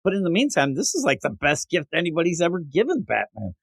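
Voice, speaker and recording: Animated man chatting about comics. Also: a little high, gravelly, breathy edge, dry recording. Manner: animated, acts out characters' lines in quick voices. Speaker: podcast co-host. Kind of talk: casual comic book review chat.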